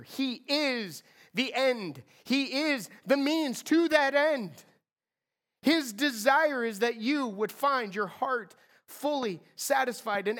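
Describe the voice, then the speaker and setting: A woman preaching a sermon in an earnest, emphatic way, repeating key phrases for weight. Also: mid-range voice.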